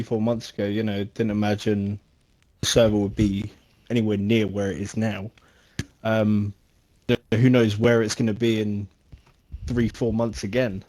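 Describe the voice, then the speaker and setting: A man answering an interview question hesitantly as a podcast guest, with many pauses. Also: lowish voice, warm tone. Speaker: network manager, podcast guest.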